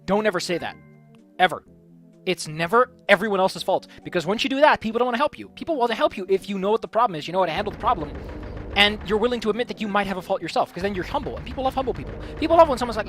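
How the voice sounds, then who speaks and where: Male let's-player, high voice with a wide swinging range, rambly casual commentary. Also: fast talker, soft background music. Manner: rambling, animated, swears freely. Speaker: let's play streamer.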